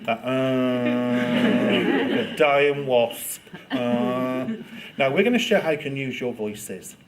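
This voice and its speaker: A man's voice: mid-range voice, slow. A man leading a storytelling workshop with playful, demonstrative, teasing delivery. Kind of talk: lively workshop talk to students. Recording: loud background noise.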